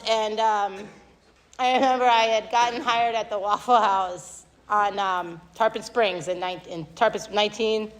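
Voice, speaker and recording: A woman giving a candid, self-deprecating recovery meeting share at a podium mic, rambling with many fillers. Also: mid-range voice. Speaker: AA speaker. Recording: long hall reverb.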